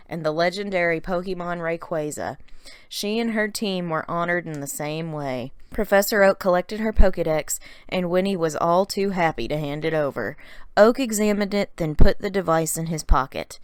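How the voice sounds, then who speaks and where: A woman narrates a story recap in a calm, gently paced storybook manner. Her voice sits a little low. The recording is dry, with no room sound. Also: clear, resonant tone, no echo.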